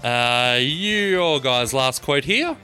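Animated, bright-voiced teasing co-host, man. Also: mid-range voice, drawn-out words, faint music behind. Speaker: podcast co-host. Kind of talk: casual podcast game chat.

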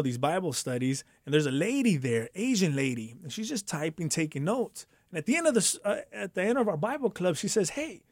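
Man, storyteller, animated, slightly high voice, dry close sound. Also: no echo. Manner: animated, acts out voices in quotes, laughs often. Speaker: guest telling his testimony. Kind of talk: casual storytelling.

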